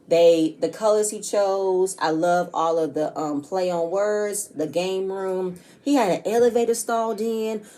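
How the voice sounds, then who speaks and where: A woman's voice: fairly low pitch, mellow. A woman casually recapping a reality TV episode, chatty and blunt, often tossing in "you know what I'm saying" and swearing freely.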